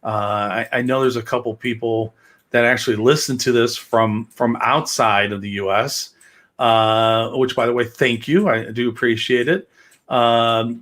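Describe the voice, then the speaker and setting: A man hosts a livestreamed gaming show in a casual way, his medium-pitched voice a little bright. He rambles, jokes around, and fills his talk with fillers.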